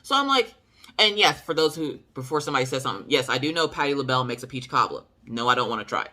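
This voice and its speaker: Southern US woman vlogger, sassy storyteller, lively pitch, bright edge. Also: fast talker. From Southern United States. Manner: sassy, animated, emphatic. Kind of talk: casual storytelling to camera.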